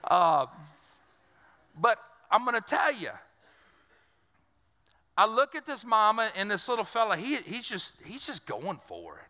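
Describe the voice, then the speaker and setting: A middle-aged man from south Louisiana preaching a sermon, with a folksy, conversational delivery and quick asides, heard in a church hall. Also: high voice, sing-song, pushed and bright. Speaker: pastor. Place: church sanctuary. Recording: long reverb of a large church hall.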